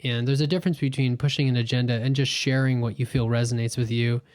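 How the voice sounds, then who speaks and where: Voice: medium pitch, fairly even intonation, quick pace, a little mellow. A podcast guest in a casual conversation, adding remarks and questions. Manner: chimes in with asides and questions. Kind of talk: casual interview chat.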